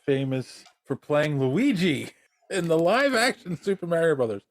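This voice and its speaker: A man's voice: fairly high pitch, very animated, moderate pace. A man co-hosting a podcast, casually introducing topics and talking through his take. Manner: conversational, restarts, sets up topics. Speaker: podcast co-host. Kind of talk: casual chat.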